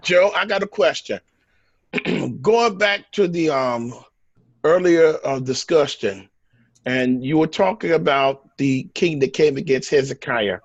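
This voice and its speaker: A man on a call who asks questions in a hesitant, halting way, with a husky voice. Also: fairly high pitch, no echo, lo-fi sound. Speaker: forum participant asking questions.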